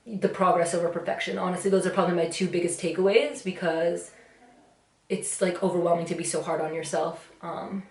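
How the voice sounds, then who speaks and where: A woman's voice: on the low side, flat delivery, fairly quick, darkish tone, roomy sound. A woman in her twenties chatting casually in a get-ready-with-me vlog, reflective and rambling, with lots of "like" and "you know". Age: 20s. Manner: rambling, filler-heavy and reflective. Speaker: YouTuber. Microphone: camera mic.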